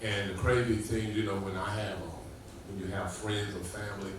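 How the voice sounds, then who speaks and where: A man's voice: on the low side, level tone, moderate pace. Guy doing stand-up, rambling and cussing, echoey room, mic kinda far off, crowd noise behind. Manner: profane, loose storytelling with acted-out quotes. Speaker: stand-up comedian. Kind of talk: stand-up storytelling.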